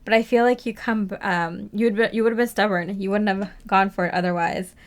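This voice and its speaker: A woman's voice: mid-range voice, steady tone, fairly quick. Chatty woman giving a tarot reading. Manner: chatty and rambling, lots of fillers, laughs often. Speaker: tarot reader. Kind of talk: casual spoken tarot reading.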